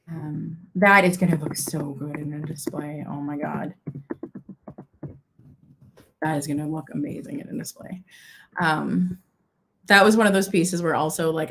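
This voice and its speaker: A young woman from Minnesota runs a casual live-stream sale of vintage goods. She chats warmly and gushes over each piece, with lots of "um" and "like" and quick asides, and her voice sits a little high. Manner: chatty and gushing, with many fillers and asides. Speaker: live auction seller.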